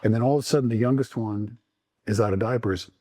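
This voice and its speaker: A man's voice: lowish voice, quick pace, warm tone. A man hosting a podcast, reflective and conversational in casual talk. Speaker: podcast host. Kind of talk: casual chat.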